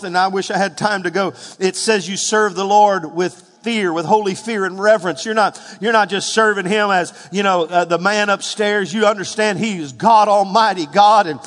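High-pitched guy preaching a sermon, gets loud and emphatic, hall echo behind him. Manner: rises to loud emphatic peaks, calls for congregation responses. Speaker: pastor. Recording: hall reverb.

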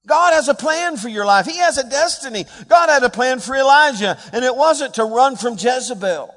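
A man preaching a sermon as a pastor, swinging between hushed, quiet passages and louder emphatic ones. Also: very high voice, big-room sound. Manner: dynamic preaching, dropping to hushed tones and rising for emphasis.

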